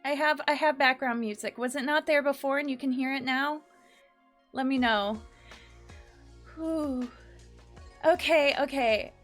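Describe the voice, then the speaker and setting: A woman VTuber with a high voice streams live, speaking at a measured pace with long pauses. She chats casually and nervously with viewers, giggling and greeting them by name, over faint background music.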